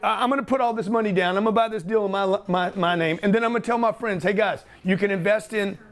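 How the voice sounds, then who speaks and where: A middle-aged man hosting a loud, joking talk about his deals, pushy and full of slang. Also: sits high, rapid-fire. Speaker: host. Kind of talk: energetic office talk to camera.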